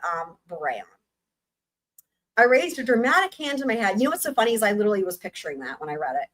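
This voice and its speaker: A woman's voice: mid-range voice, sing-song, quick pace, a bit bright. A woman in her thirties hosting a live stream, reading a book aloud with chatty, sarcastic asides. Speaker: livestream host and reader.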